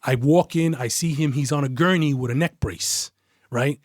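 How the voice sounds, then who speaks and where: Profane New cop telling a story. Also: male voice, mid-range voice, normal speed, no echo, clean studio sound. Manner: profane, animated, acts out quoted voices. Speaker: podcast guest, retired detective. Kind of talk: casual storytelling.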